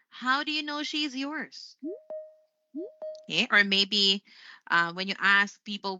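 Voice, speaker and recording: A woman's voice: mid-range voice, sharp tone, no room sound, highs cut off. A woman with a Filipino accent teaching a live online English lesson, chatty and upbeat, often saying "there you go.".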